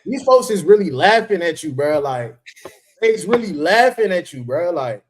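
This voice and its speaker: A man's voice: high voice, sing-song, normal speed, a little hiss or hum. A young man co-hosting a podcast, teasing and mocking his co-host between laughs. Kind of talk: teasing sports banter.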